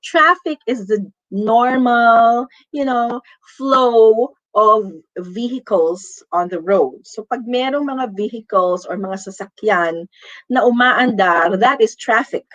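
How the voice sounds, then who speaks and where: A woman's voice: fairly high pitch, takes it slowly, a bit bright, muffled recording. A woman with a Filipino accent giving a pronunciation lesson, mixing English with Tagalog and spelling out words letter by letter. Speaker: speaker at a career talk.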